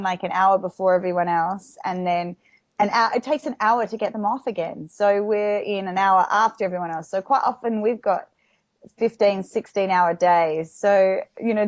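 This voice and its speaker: A woman's voice: mid-range voice, dry recording, dull audio. A woman with an Australian accent, a stunt performer talking as an interview guest in a casual, chatty way, laughing often and acting out what people said.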